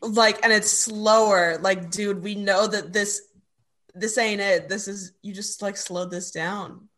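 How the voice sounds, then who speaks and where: Woman co-host, mid-pitched bright voice, talks through chords and theory in casual chat. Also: fairly even intonation, takes it slowly. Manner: analytical, explains music theory. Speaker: podcast co-host.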